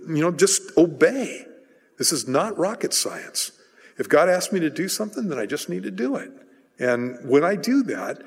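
A man's voice: a little high, creaky, husky. A man preaching a sermon in a casual, conversational way, retelling a story and briefly acting out its voices. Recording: hall reverb.

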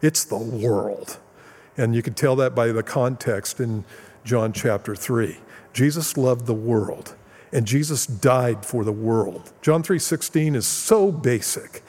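A man's voice: medium pitch, slow, darkish tone, husky, long reverb tail. A man preaching a sermon as pastor, explaining Bible verses with plain, casual asides.

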